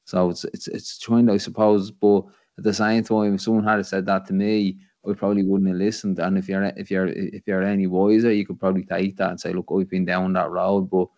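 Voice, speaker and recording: A man with a Dublin accent talks through his thoughts in a very deep, gravelly voice, circling back with "you know what I mean." The recording is dry and a bit dull, with a lo-fi podcast feel. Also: level tone, fairly quick, hardly any pauses, a little mellow, no room sound. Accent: Irish, Dublin. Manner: reflective, rambling, says "you know what I mean" often. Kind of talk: casual podcast conversation.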